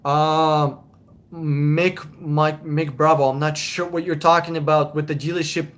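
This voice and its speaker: A man's voice: on the high side, level tone, a little slow, a bit bright. A man hosting a casual live stream, reading viewer comments and answering car-buying questions bluntly, swearing and repeating himself for emphasis.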